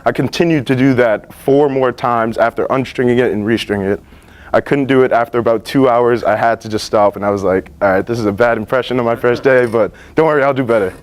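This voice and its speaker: A young man in his late teens giving a class presentation about his internships, earnest and relaxed, with many fillers and restarts. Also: medium pitch, fast talker. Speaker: student presenter. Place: school library.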